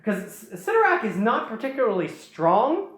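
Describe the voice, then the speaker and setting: A woman's voice: on the high side, sing-song, normal speed. Rambling woman retelling a story, echoey room. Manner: rambling, jokey, lots of fillers and restarts. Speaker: host.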